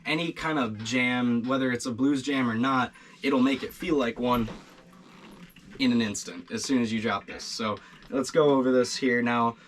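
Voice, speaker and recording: A man teaching beginner guitar licks in a casual video lesson, relaxed and encouraging, with plenty of fillers and restarts. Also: mid-range voice, moderate pace, slight background noise.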